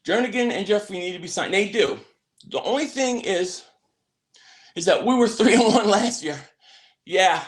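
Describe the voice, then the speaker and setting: A man hosting a casual sports livestream, excitable, repeating words and answering viewer chat. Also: sits high.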